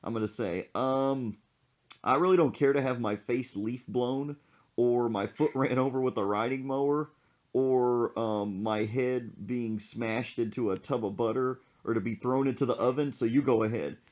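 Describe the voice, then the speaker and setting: A man's voice: mid-range voice, moderate pace, dull audio. A man hosting a casual chat podcast, telling a story with frequent laughs and acted-out quotes. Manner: animated, laughs often, acts out quotes. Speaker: podcast host.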